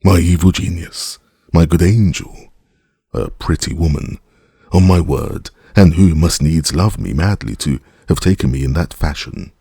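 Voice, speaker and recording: A deep-voiced man reads a vain young poet who muses and pleads in florid, theatrical speech. The voice is very low and gravelly. It has a husky, dark tone. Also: measured pace, no room sound, clean studio sound, heavily acted. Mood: musing. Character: vain, dreamy young male poet, amorous and talkative.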